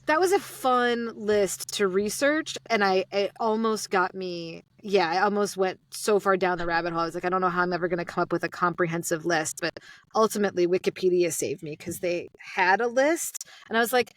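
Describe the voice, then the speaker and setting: A woman's voice: mid-range voice, brisk, dry recording. Chatty American woman, dry sound. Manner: chatty, animated, quotes herself. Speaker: podcast guest, sleep podcast host. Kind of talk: casual interview chat.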